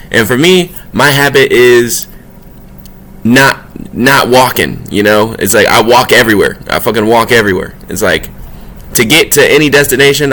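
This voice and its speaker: A man talking casually and profanely about spirituality, in loose, slangy street talk that swings between low asides and high, emphatic bursts. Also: a bit bright. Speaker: spiritual vlogger.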